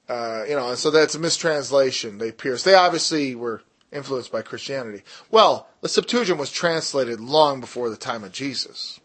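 Husky-voiced man leading a Bible study. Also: mid-range voice, fairly bright tone. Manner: emphatic, slows down to stress key words; jokey, self-deprecating asides. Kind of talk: casual Bible study teaching.

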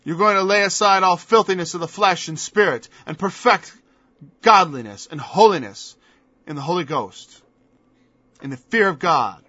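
A man's voice: high voice, lively intonation, normal speed, bright, forceful tone, no echo. A man preaching a sermon in an emphatic style, firing off mocking rhetorical questions. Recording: dull lo-fi dry recording.

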